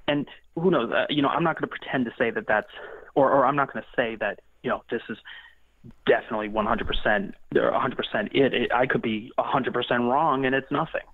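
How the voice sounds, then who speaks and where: A man's voice: mid-range voice, fairly quick, no echo. A man explaining his ghost-hunting experiments in loose, rambling talk full of restarts. His voice comes through a tinny, phone-like line with no room sound at all. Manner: rambling, many restarts and fillers. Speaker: paranormal investigator guest. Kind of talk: casual interview talk.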